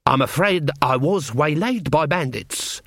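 A man doing a deadpan dwarf rogue, slow and dry. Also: fairly high pitch, dry recording, full character voice. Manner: slow, dry, matter-of-fact. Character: roguish male dwarf adventurer, deadpan.

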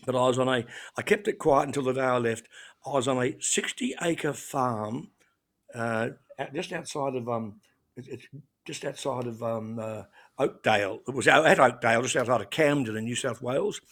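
A man's voice: mid-range voice, moderate pace, a bit bright. A man with an Australian accent chatting as a regular on a talk show, telling stories with many restarts and fillers. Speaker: regular commentator. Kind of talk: casual radio chat.

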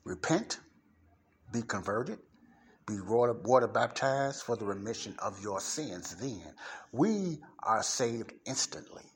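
A man's voice: on the low side, animated, takes it slowly, slightly rough. A man from Chicago with a Chicago accent, teaching the Bible on a podcast in an emphatic, repetitive preaching style. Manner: emphatic, repeats key points, punches up stressed words.

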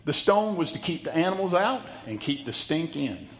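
Male pastor, folksy sermon delivery, higher-pitched voice, dramatic loud-soft swings. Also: very animated, normal speed. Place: church sanctuary.

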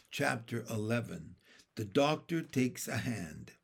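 A man narrating a children's chapter book in a steady, plain read-aloud manner. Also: mid-range voice, a little slow. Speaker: audiobook reader.

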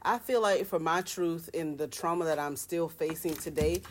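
A woman's voice: low voice, normal speed. A woman co-hosting a podcast, talking bluntly and laid-back in casual chat. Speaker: podcast co-host.

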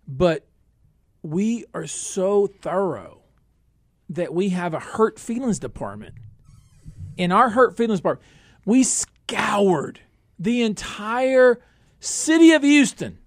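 A man hosting a comedic radio talk show, boisterous and jumping between loud bursts and low asides. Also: dry recording, studio quality. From Northeast Texas.

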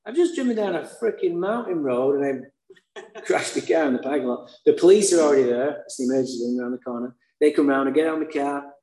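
Man, mellow-voiced, blunt and profane storyteller with dark humor, echoey room. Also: a little high, animated, fast talker. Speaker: speaker sharing his recovery story. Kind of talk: candid personal storytelling. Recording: roomy echo.

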